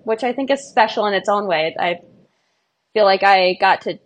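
A woman's voice: mid-range voice, normal speed. A young woman, a marathon runner, speaking as a podcast guest in an earnest, emotional, bubbly way. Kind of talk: podcast interview.

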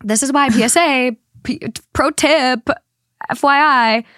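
A woman's voice: sits high, unhurried, fairly bright tone, no room sound, studio quality. A young woman co-hosting a casual podcast, reading a listener's story and then chatting bluntly, teasing and swearing freely. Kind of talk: casual chat.

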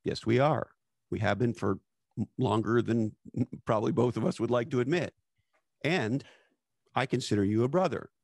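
A man's voice: mid-range voice, normal speed, vocal fry, long pauses, a little mellow, dry recording, clean studio sound. A man hosting a podcast conversation, talking emphatically and bluntly with casual swearing and catchphrases. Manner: emphatic, profane, uses catchphrases. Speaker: podcast host.

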